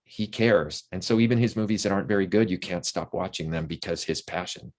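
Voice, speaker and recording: A man's voice: low-pitched, fairly quick. An older man, a guest in a casual interview, telling long, enthusiastic anecdotes full of restarts.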